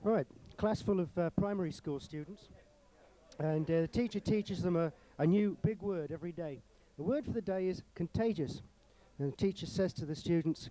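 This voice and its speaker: Young man, high voice, dark tone, animated joke teller. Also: a little fast, rough recording. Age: young adult. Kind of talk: telling a joke.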